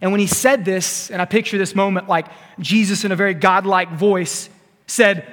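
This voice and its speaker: A man preaching a sermon as a youth pastor, animated and playful, acting out scenes. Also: high-pitched, brisk. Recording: long hall reverb.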